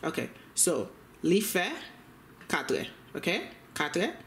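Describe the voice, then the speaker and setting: Language teacher, middle pitch, patient and repetitive, checks in after every phrase. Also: very animated, slow, a bit bright, a little hiss or hum. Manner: patient, repeats each phrase and checks in with "okay?". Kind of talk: spoken language lesson.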